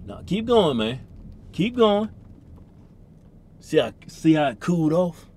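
A laid-back man drawls through easy, joking banter from the seat of a car, tossing "man" into nearly every line. Faint road hum runs under his ordinary mid-pitched voice. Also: big pitch swings, slow pace, dark tone. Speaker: co-host. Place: inside a car at a drive-thru. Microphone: camera mounted in the car.

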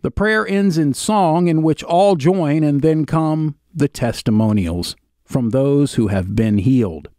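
A man with a fairly high voice reads an old account aloud, line by line. Now and then he breaks off for an offhand comment. The sound is close and dry. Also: a little slow, no echo. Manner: steady reading, broken by casual spoken asides. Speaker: video narrator.

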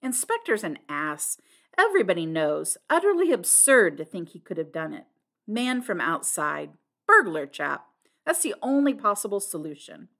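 A terse, gruff army major, as a woman reads him, all clipped half-sentences and plain talk. The delivery rises and falls a great deal. It is a storybook reading, told in one voice. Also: mid-range voice, very animated, normal speed, fairly bright tone. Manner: clipped, terse speech with dropped words. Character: blunt, gruff middle-aged male army major.

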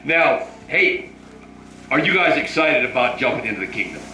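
An older man preaching at a revival, leading a crowd in shouted call-and-response prayer. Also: mid-range voice, sing-song, normal speed, roomy sound, low-quality recording.

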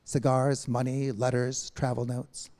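A wry, world-weary man with a poet's ironic streak, read aloud by a man. His replies come with dry understatement. The voice is mellow and dark. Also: medium pitch, little pitch movement, a little slow, close to an everyday voice. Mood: facetious. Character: wry, weary male poet, gently ironic.

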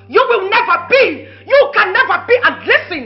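A defiant abused wife. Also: female voice, extremely high pitch, lively intonation, brisk. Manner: defiant, shouting back. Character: defiant abused wife standing up to her husband. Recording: dull film audio with music.

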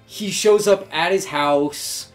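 Male co-host, high voice, eager and chatty, soft music bed underneath. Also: takes it slowly. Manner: enthusiastic, full of "like" fillers. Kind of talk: casual fan chat.

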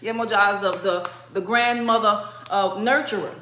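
Bright, lively woman teaching a workshop. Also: medium pitch, moderate pace, reverberant, slight background noise. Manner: lively, acts out crying and laughing. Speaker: spiritual teacher.

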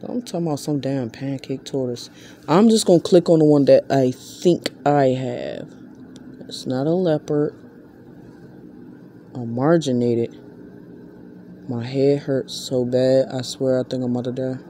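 A woman's voice: measured pace, pauses often, mellow, slight background noise. Rambling woman vlogging from bed at night. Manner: talks to her pet in a high baby voice; rambling, self-interrupting chatter. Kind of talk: casual late-night vlog.

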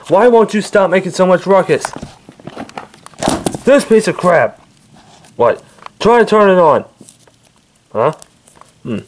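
A man running a rowdy home-made toy skit on his own, trading insults between characters. His voice swings widely, from squeaky shouts of "stop" to muttered low threats, and it sits a little high for a man. Faint background hiss stays under the voice. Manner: shouty, bickering, jumps between high yelps and low grumbles. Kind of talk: improvised toy skit, arguing in several voices.

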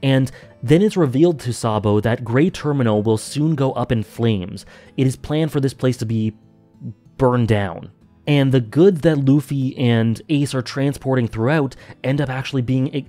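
A man's voice: medium pitch, mellow. A man giving an earnest, emphatic spoken review of an anime story arc, with frequent fillers and restarts.

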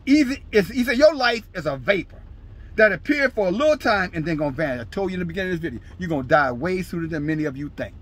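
A man preaching a fiery, scolding sermon, shouting scripture in bursts at his listeners. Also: sits high, expressive, quick pace. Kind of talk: fiery street-style sermon.

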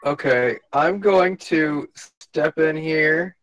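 Slow, halting man playing a tabletop game. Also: fairly high pitch, a bit bright, no echo, poor audio. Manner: slow, hesitant, thinking aloud with fillers. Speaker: player.

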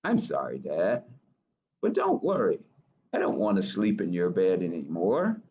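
Storybook role: man voicing a chatty little boy frog, high and lilting, dull stream audio. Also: huge pitch swings, measured pace, a little mellow, heavily acted. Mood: eager.

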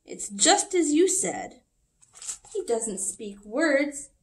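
A grave storybook doctor who admits defeat, measured and resigned, as a woman reads him aloud. The pace is slow and deliberate. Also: high voice, sing-song, exaggerated voice. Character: grave, helpless family doctor, man.

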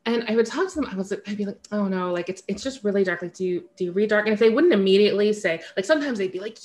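A woman's voice: medium pitch, expressive, fast talker, hardly any pauses. A woman author talking candidly in an interview, chatty and self-correcting, often laughing at herself. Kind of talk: casual interview conversation.

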